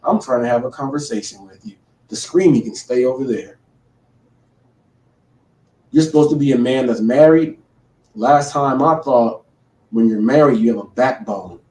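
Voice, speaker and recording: A man's voice: medium pitch, normal speed, pauses often, mellow, far from the mic. A man hosting a livestream, confrontationally calling out a rival in a rambling rant with frequent restarts. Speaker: livestream show host. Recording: echoey room, voice off-mic.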